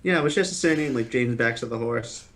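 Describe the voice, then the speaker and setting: A man hosting a casual gaming podcast, talking in a relaxed way and laughing easily. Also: mid-range voice, brisk. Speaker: podcast host. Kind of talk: casual chat.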